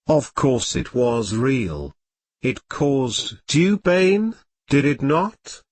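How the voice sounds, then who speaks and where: A computer-generated male voice reading the lines of an old male sorcerer teacher, calm and amused, in a slow, even way. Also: mid-range voice, dry recording, exaggerated voice. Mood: teasing.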